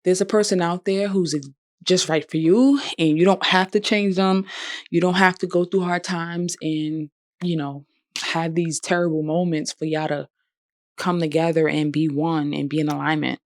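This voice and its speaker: Woman, deep voice, dry close sound, heartfelt vlog reflection. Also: steady tone, normal speed, no echo. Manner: heartfelt, conversational, drops into bursts of laughter. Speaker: vlogger. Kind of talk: emotional personal reflection.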